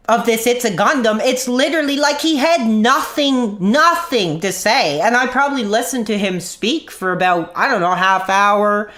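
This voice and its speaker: A man's voice: extremely high pitch, fairly bright tone. A man streaming an angry rant into his own mic, swearing, mocking and then apologizing for his language. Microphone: own desk mic.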